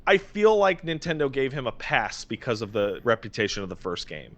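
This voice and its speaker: A man on a podcast rambles through a story, worked up and exasperated. He trips over his own words, restarts sentences and swears freely. His voice sits at an ordinary middle pitch. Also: big pitch swings, a little fast. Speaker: podcast co-host. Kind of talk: casual chat.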